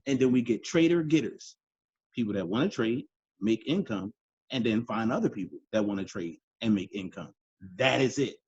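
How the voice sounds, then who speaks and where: A man's voice: mid-range voice, expressive, moderate pace, a little mellow, breathy edge, dry recording. A man coaching a sales team in a motivational training talk, emphatic and preachy, repeating his key lines and calling his listeners y'all. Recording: dull, dry lo-fi audio.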